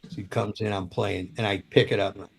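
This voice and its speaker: An older man, a former rock roadie, telling stories as a podcast guest in a loose, profane, animated way. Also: on the low side, brisk, vocal fry, breathy edge. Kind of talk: casual storytelling interview.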